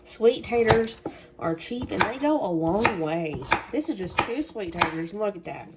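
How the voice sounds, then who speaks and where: A woman's voice: mid-range voice, animated, measured pace, heavy background noise. A woman with a Southern US accent, chatting folksily to her viewers while she cooks in her home kitchen. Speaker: cooking vlogger. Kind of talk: casual cooking vlog.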